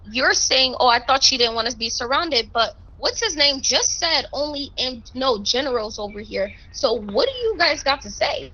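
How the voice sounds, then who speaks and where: A woman's voice: high voice, animated, normal speed, few pauses, bright, forceful tone, highs cut off. A woman in a roleplay game voice chat, heatedly complaining and confronting a superior. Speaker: roleplay police recruit. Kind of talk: in-character voice chat, arguing.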